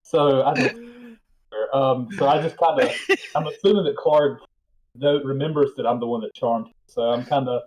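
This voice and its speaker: A man's voice: mid-range voice, highs cut off. A man playing in a tabletop game, describing his moves hesitantly with many fillers. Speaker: player. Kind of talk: casual chat.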